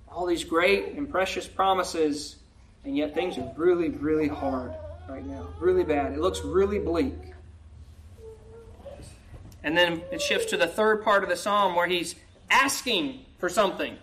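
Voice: mid-range voice, lively intonation, a little slow, pauses often, fairly bright tone, a little hiss or hum. A preacher reading a psalm in old-fashioned wording and explaining it in plain talk, often asking "right?" and rising to a pleading tone when voicing the lament. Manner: often asks the listeners "right?". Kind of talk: sermon.

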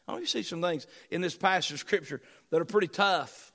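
Male pastor, high-pitched voice, dramatic sermon delivery with big swings from loud to hushed. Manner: preaching with swings in volume and pitch, slowing for emphasis.

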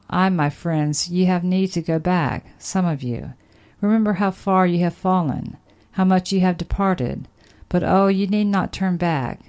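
A woman reading an old sermon aloud in a solemn, measured way. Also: fairly low pitch, darkish tone. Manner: solemn, measured, archaic phrasing. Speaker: sermon reader.

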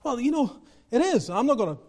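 Impassioned high-voiced male pastor. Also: sing-song, fairly quick. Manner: passionate, rising to near-shouting then dropping low; repeats phrases, chuckles. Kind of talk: sermon.

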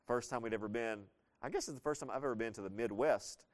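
Speaking fast at a medium pitch, this Southern US pastor delivers a sermon in his regional accent. He tells it like folksy, conversational stories, punctuated by sudden emphatic bursts.

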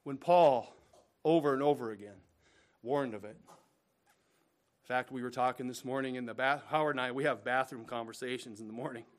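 A male pastor preaches a sermon at a middling pitch, hitting key phrases with loud, emphatic force before dropping into hushed, slow, drawn-out asides. He repeatedly addresses the congregation directly with pointed rhetorical questions.

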